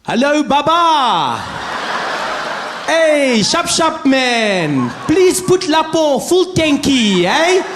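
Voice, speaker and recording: A condescending South African businessman, acted out by a comedian shouts patronizing baby talk. His voice jumps high and loud, slow and over-emphasized. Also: very animated, echoey room, noisy background, full character voice.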